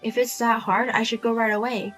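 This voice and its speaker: A woman playing a fed-up grown daughter who speaks flatly and firmly to her pushy mother in a narrated drama. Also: a little high, fairly quick, soft background music. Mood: accusing. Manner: flat, firm, cold and blunt. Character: Lizzie, grown daughter, cool, blunt, fed up.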